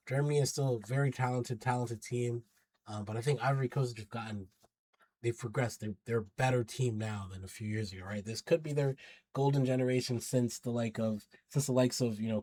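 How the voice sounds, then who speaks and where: This male football vlogger has a medium-pitched, somewhat dark voice recorded with no room sound. He gives casual prediction commentary, hyping teams in slangy, chatty fashion while hedging each pick.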